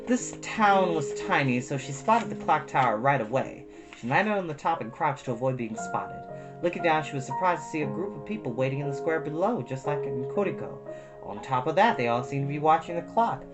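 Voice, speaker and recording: A woman reading a children's book aloud as a storyteller, expressive and sometimes addressing young listeners, with guitar music behind. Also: low voice, brisk.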